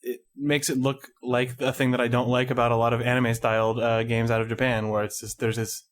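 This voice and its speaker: A man's voice: mid-range voice, flat delivery, a little fast. A man co-hosting a podcast, talking in a wry, joking, loose and rambling way. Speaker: podcast co-host. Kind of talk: casual chat.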